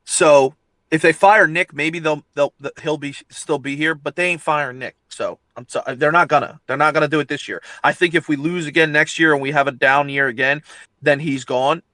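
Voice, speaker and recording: A man's voice: a little high, moderate pace, sharp tone, no room sound. A man hosting a sports talk show, ranting heatedly and swearing constantly about his team. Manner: profane, ranting, emphatic. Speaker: podcast host.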